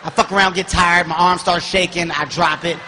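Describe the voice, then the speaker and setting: A man performing a stand-up comedy routine, telling a story animatedly and often shouting, recorded live on stage. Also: high-pitched, fairly even intonation, fairly quick, big-room sound, slight background noise. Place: comedy stage before large audience.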